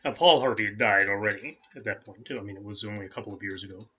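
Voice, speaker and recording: A man's voice: lowish voice, racing, pushed and bright, husky. A man hosting a daily game playthrough, chatting casually and rambling with self-amusement as he tries out a soothing voice, on a dull lo-fi recording. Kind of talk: casual chat over gameplay.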